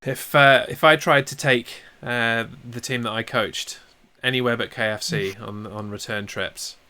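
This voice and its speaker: A man co-hosting a casual sports podcast, measured and dryly teasing. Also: mid-range voice, fairly even intonation, sharp tone, smooth. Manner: dry teasing humor, measured. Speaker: podcast co-host.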